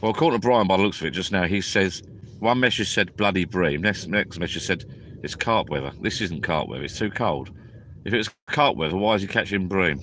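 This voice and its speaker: A man's voice: low-pitched, a little fast, fairly bright tone, slight background noise. A tired man, chatting rambly and drowsily on a live stream from inside a small tent at a lake at night. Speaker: fishing vlogger. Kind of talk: casual live-stream chat.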